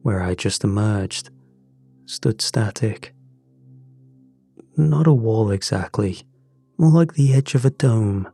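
A man narrating a first-person thriller story in a measured, tense, deliberate way. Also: on the low side, animated, gravelly, mellow, slightly rough. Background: faint music.

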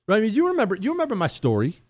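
A man's voice: sits high, huge pitch swings, rapid-fire, dry recording, clean studio sound. A middle-aged man from Ohio hosting a talk show, casually bantering and mocking himself while teasing his producer. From Ohio, USA.

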